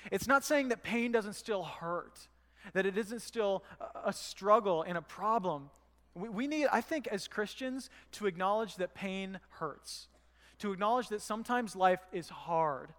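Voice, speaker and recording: A man with a high voice preaching a sermon as pastor. He speaks in a conversational way and asks the congregation rhetorical questions. His voice carries a long reverb from the church hall. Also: fairly bright tone.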